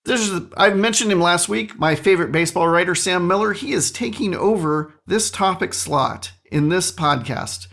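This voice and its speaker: Animated man telling a podcast story. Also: sits high, normal speed, gravelly, hardly any pauses. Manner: animated, self-mocking storyteller. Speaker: podcast host. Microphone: studio microphone.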